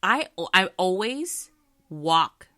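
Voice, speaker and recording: A woman's voice: fairly low pitch, big pitch swings, extremely slow, sharp tone, no echo, studio quality. A woman co-hosting a podcast, telling stories in casual chat and giggling often. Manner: giggly, chatty storyteller. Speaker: podcast co-host.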